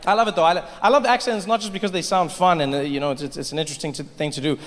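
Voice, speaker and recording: A middle-aged man with a South African accent doing a stand-up routine, telling stories with quick asides and impressions. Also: a little high, fairly even intonation. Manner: storytelling with quick asides and mimicry. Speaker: stand-up comedian. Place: theater stage. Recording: reverberant live theater recording, faint noise.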